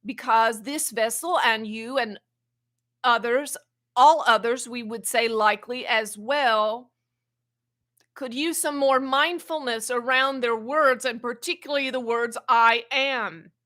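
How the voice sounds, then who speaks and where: Woman channeling an old wise spirit teacher, slow and halting, kinda high bright voice, repeats words a lot. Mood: calm teaching.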